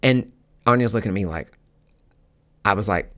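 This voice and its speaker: A man hosting his own show, telling a personal story in a casual, animated way, with swearing and dramatic asides. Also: medium pitch, normal speed. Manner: animated, profane, dramatic retelling. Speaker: podcast host.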